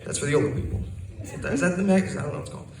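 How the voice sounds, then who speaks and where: A man's voice: sits high, very fast. A young man doing a loose, rambling stand-up set with crowd work, swearing freely. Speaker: stand-up comedian. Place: comedy club stage. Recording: roomy club, crowd laughter, distant capture.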